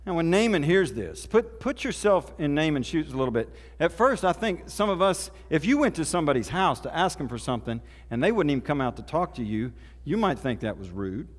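A man's voice: on the high side, sing-song, brisk, few pauses. A man from Oklahoma, preaching a sermon in a folksy, conversational storytelling way. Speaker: pastor. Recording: reverberant hall.

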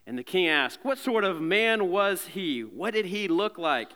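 Bright-voiced preacher man, echoing hall. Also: sits high, big pitch swings, a little slow, hardly any pauses. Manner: conversational, joking asides to the congregation. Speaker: pastor. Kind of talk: sermon. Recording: long hall reverb.

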